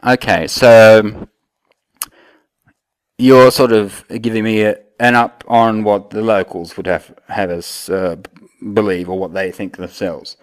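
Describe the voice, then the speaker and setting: A low-pitched man moderates a joking panel debate. He speaks haltingly, with many uhs and ums, and his voice sounds dry and close. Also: level tone, clear, resonant tone, dry recording, low-quality recording.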